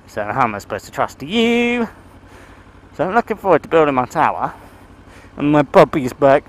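A man's voice: a little high, big pitch swings, a little fast, a little hiss or hum, poor audio. A man vlogging from his motorcycle, rambling and swearing as he rides through town. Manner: rambling, sweary, talks to himself and his bike. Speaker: motovlogger. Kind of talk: casual motovlog chat while riding.

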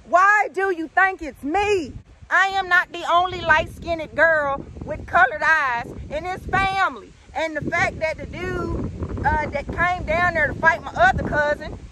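A woman in her thirties telling a story in a casual vlog outdoors, animated and profane, calling viewers honey and y'all. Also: extremely high pitch, a little slow, slight background noise. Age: 30s.

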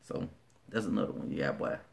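Gravelly Birmingham, Alabama man vlogging. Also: sits low, lively intonation, fairly quick. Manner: laid-back slangy talk with many restarts. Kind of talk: casual accent-tag vlog.

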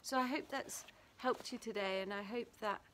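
Gentle woman giving a devotional. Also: fairly high pitch, moderate pace, slight background noise. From England. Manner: gentle, reflective, reads and comments on a devotional. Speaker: church devotional leader. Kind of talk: daily devotional talk. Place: small garden playhouse. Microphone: camera video.

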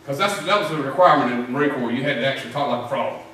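A man's voice: mid-range voice, rapid-fire, a bit bright, slight background noise. A middle-aged man preaching a sermon, telling folksy stories and doing drill-sergeant impressions. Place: church sanctuary. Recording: echoey church from far off.

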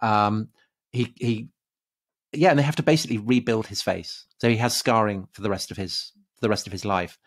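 A man's voice: fairly low pitch, a little fast. An English man hosting a casual history podcast, telling stories with frequent laughs and fillers. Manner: chatty storyteller, laughs often, many fillers. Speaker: podcast host.

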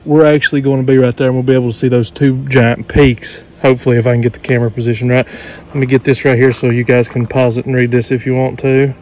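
A man narrating a casual hiking vlog outdoors on a handheld camera, excitedly pointing out the views to viewers, sometimes out of breath. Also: mid-range voice, quick pace, slight background noise. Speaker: vlogger. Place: outdoors at rocky overlooks.

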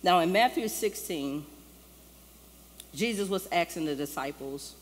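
A woman's voice: lowish voice, animated, a little slow. Woman pastor preaching casual-style, acts out the quotes, big churchy reverb. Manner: conversational, acts out quoted lines. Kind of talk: sermon. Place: church sanctuary. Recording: long church-hall reverb, faint ambience.

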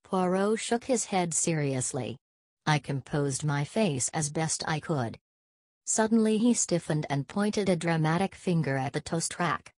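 A woman reading an audiobook narration in a measured, even storytelling manner. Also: low-pitched, no echo. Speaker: audiobook reader. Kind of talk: scripted narration.

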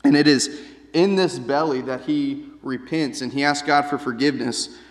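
A man giving a sermon in a relaxed, conversational manner and often tossing in "right?". His voice sits at an ordinary middle pitch. It carries a long echo through a church hall. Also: moderate pace. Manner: conversational, keeps asking "right?". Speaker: preacher. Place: church sanctuary.

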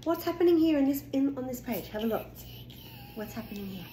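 Playful, animated woman reading aloud. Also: high voice, fairly quick. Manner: playful, gasping, laughing, very animated. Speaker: parent reading to a child. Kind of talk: reading a picture book aloud. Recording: echoey room, faint background noise.

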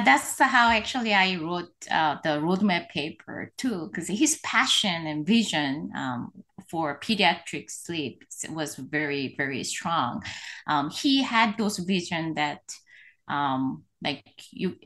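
Animated woman guest telling a story. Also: lowish voice. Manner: animated storytelling, non-native phrasing with restarts. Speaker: guest, orthodontist. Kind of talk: conversational interview.

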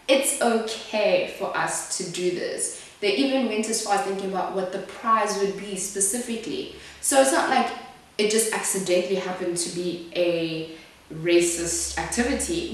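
Speaking at normal speed with a medium-pitched, animated voice, a young South African woman talks frankly as she does her makeup for her beauty vlog, her voice shooting up when she's upset. A camera mic at a distance picks her up in a small, echoey room.

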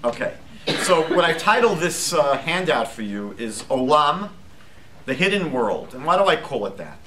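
A man teaching a live class as a rabbi, lively and chatty, posing questions to the group. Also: on the high side, moderate pace, background noise. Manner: lively, asks the class questions, jokes lightly.

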